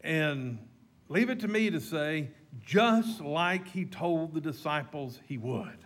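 A man preaching a sermon, retelling a story dramatically as his voice swings from loud to hushed. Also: a little high, lively intonation, slow pace.

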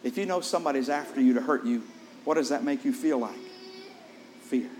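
A man preaching a sermon, retelling a scripture story with lively storytelling, asking the congregation questions, and dropping soft and low for solemn points. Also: fairly quick, a little hiss or hum.

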